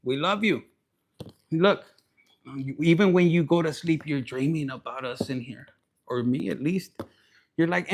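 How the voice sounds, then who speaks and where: A man's voice: on the high side, expressive, measured pace, bright, forceful tone. A man giving a raunchy, joking live tarot reading, slipping in Spanish. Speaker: tarot reader.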